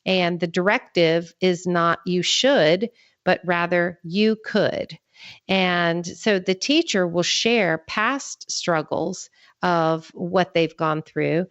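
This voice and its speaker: Guest author, American woman, lowish voice, earnest and explanatory; dry, dull recording. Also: a bit bright, dry recording. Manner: earnest, explanatory, measured teaching tone. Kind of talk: podcast interview.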